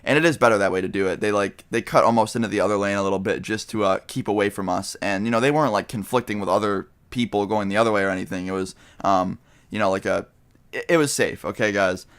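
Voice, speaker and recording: A man's voice: lowish voice, fairly even intonation, fast talker, fairly bright tone, clear, resonant tone. A young man telling a personal story to his viewers in a casual, rambling way, with lots of fillers and the odd swear word. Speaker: vlogger.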